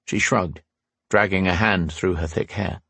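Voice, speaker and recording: Husky male storybook narrator. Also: low-pitched, fairly even intonation, moderate pace, fairly bright tone, no room sound. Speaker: audiobook narrator. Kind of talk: scripted narration.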